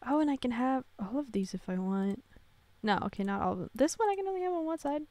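A woman's voice: sits high, animated, quick pace, darkish tone, dry recording. A young woman giving casual, gushing commentary while playing a computer game, cooing over tiny characters. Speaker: gaming creator.

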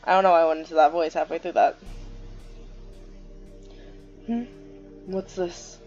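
A young woman gamer gives slow, unhurried commentary in a lowish voice, reading the game text aloud as she goes. Her tone is offhand. The recording is slightly muffled, with faint game music underneath. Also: fairly even intonation, a little mellow. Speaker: let's play gamer.

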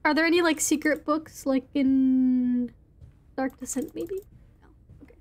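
A woman's voice: sits high, measured pace. A young woman streamer giving live gaming commentary, giggly and reactive, swearing and exclaiming often.

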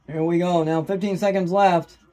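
Amateur fan commentator, male, high voice, excitable, shouts at big plays, lots of "wow". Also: moderate pace. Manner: casual fan talk, repeats "wow". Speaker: fan doing live play-by-play commentary. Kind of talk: amateur live sports commentary.

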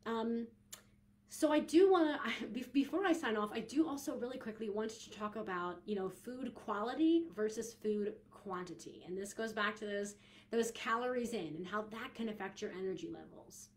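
A woman's voice: a little high, normal speed. A young woman hosting a podcast, talking casually and chattily with frequent giggles, fillers and restarts. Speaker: podcast host and coach.

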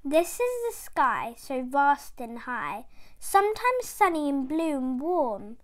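A woman's voice: high voice, takes it slowly. A woman reading a rhyming bedtime story aloud, with a lilting, rhythmic delivery. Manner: rhythmic rhyming read-aloud, lively character voices.

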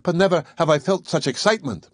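Excitable formal male manservant, as a man reads him, raised pitch, slightly husky, dry storybook voice. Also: normal speed, no echo. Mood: excited. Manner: excited, addresses master formally.

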